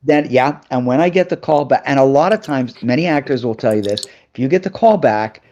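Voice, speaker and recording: Man, animated storyteller, plays out other voices, mid pitch, slightly dull lo-fi sound. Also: fairly quick. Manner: lively anecdotes, acting out other people's voices. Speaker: actor and interview guest. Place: live video call.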